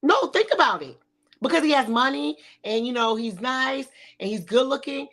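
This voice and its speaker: A woman's voice: high-pitched, animated, normal speed, fairly bright tone. A middle-aged woman hosting a talk show, speaking bluntly and sassily with frequent swearing. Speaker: podcast host. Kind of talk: provocative casual talk.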